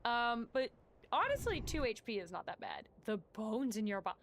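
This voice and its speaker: A woman's voice: on the high side, big pitch swings, normal speed, a bit bright. A woman streaming a game live, chatting casually and reading game text aloud, swearing and joking about herself. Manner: chatty, self-mocking, swearing.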